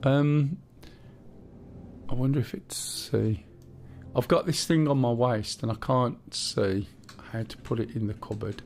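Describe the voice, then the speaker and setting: A man's voice: medium pitch, measured pace, darkish tone, slight background noise. A man streaming a game, chatting casually and talking a teammate through the controls, thinking aloud with fillers as he goes. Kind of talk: casual gameplay chat.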